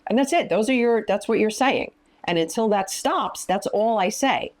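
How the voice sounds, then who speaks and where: A woman's voice: mid-range voice, normal speed. A woman counselor and minister teaching in an interview, speaking emphatically and giving practical advice. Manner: emphatic, often acting out quoted lines.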